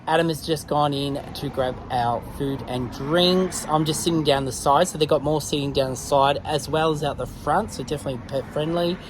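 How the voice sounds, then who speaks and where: A chatty Australian man narrating a casual travel vlog outdoors in a country town, excitable and laughing often. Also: a little high, moderate pace, few pauses. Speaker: vlogger. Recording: noisy outdoor handheld recording.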